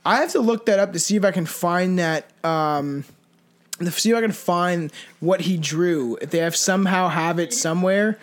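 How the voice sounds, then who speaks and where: A man co-hosting a podcast in loose, profane casual chat, reading out dark trivia with many fillers and frequent laughs. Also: high-pitched, normal speed. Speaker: podcast co-host.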